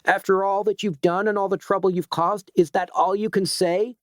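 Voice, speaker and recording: Casting: a man playing an outraged shopkeeper, tight and lecturing, pitched up, dry close sound. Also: fairly even intonation, normal speed, dry recording, lightly acted. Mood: indignant. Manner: tight-voiced, lecturing, rising to shouts. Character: indignant male store owner, tense and stern.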